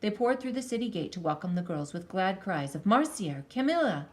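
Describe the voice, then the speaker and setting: A woman reads a children's story aloud in a lowish voice, lingering expressively over counts and sound words. Her storytelling is lively and deliberate.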